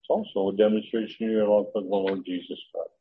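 A man's voice: fairly low pitch, little pitch movement, fast, phone-quality sound, slight background noise. A man teaching a Bible study, explaining Greek words and acting out the quoted dialogue, with some restarts and fillers as he checks his notes.

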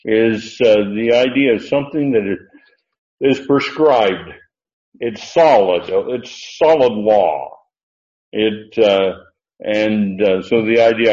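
An older man teaching a Bible study as a preacher, unhurried and halting, with many fillers. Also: on the low side, a little mellow. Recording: roomy, dull lo-fi sound.

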